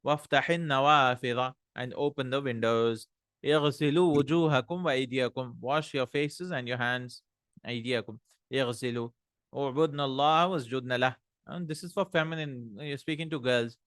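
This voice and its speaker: A man teaching an Arabic grammar lesson, reading example sentences aloud, translating them and explaining the rules in a relaxed way with fillers. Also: mid-range voice, normal speed, clean tone, no room sound, studio quality.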